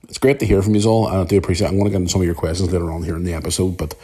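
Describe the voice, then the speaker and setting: A man's voice: low voice, flat delivery, rapid-fire, warm tone, slightly rough. A man, hosting a podcast in a rambling, emotional monologue that swears freely. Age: 40s. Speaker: podcast host. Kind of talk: casual monologue.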